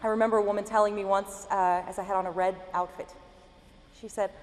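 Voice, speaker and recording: A woman's voice: mid-range voice, fast. A woman slam poet at a live spoken-word reading, chatting casually with the audience and reciting in driving, repeated lines. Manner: talks casually and jokingly with the audience between poems. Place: university event hall before a live audience. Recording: live hall recording with long reverb and faint room noise.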